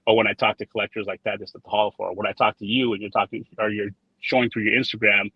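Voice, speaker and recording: A husky, fairly low voice with a level tone comes fast from a trading card designer appearing as a guest. He chats casually, rambling, repeating words and telling anecdotes with quoted dialogue. The recording is dull, lo-fi and dry.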